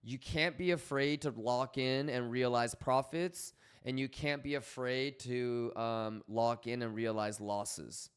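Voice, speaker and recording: A man hosting a casual livestream, energetic and profane, joking with his chat and coaching them with lots of repetition. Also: mid-range voice, slow pace, hardly any pauses, smooth. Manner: coaching, repeats himself. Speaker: livestream host.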